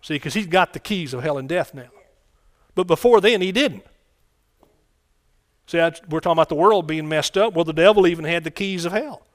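A man's voice: a little high, a little fast, pauses often. A man preaching a sermon in a conversational way, often repeating phrases and asking the congregation questions.

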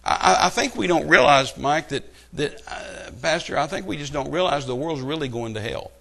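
Animated preacher man. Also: fairly high pitch, moderate pace, vocal fry. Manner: animated storytelling with rising outbursts. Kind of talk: sermon.

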